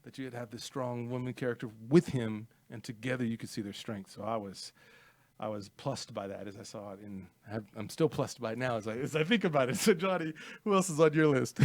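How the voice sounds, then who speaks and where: Podcast co-host, male, lively storyteller who jumps into character voices mid-sentence. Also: medium pitch, fairly quick. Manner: animated, acts out movie lines with big swings. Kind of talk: casual film discussion.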